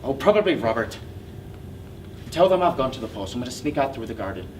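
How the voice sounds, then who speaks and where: An actor playing a brooding, bitter man haunted by his family, speaking intensely and often in a hush. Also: medium pitch, very animated, quick pace, lightly acted. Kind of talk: stage play acting. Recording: distant mic with noisy hiss.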